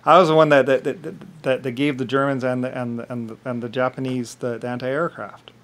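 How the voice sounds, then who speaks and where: A man talking in a rambling monologue, often laughing and mimicking others in quick quoted voices. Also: medium pitch, level tone, fairly bright tone.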